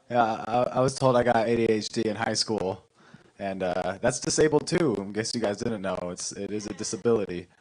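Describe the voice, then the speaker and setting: A man's voice: fairly low pitch, moderate pace, darkish tone, rough recording. A young man hosting a comedy night, laid-back and chatty, laughing easily between lines. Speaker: comedy show host. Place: comedy club stage.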